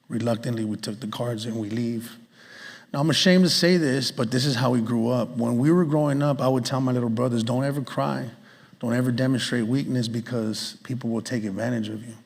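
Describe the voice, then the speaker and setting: A man's voice: medium pitch, vocal fry, husky, long reverb tail. A man on a festival panel, telling an earnest personal story in casual street-inflected speech. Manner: earnest, candid, street slang. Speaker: panelist, nonprofit executive. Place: large hall.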